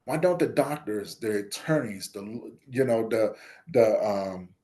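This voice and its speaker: A man talking through a personal story on an interview show. He slips into softer, lower tones when he quotes the people in his tale. At other moments he lifts his voice and gets loud and lively. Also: measured pace. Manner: animated storyteller, acts out dialogue with voice shifts; drops soft and low when quoting others. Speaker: podcast guest, nonprofit founder.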